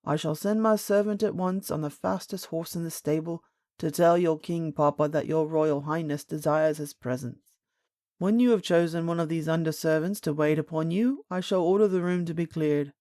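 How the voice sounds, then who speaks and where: A woman's voice: low voice, moderate pace, warm tone, no room sound, clean studio sound, natural voice. A woman voicing a gallant male captain of guards who speaks formally. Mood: courtly. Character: courtly captain of guards, man, deep and gallant.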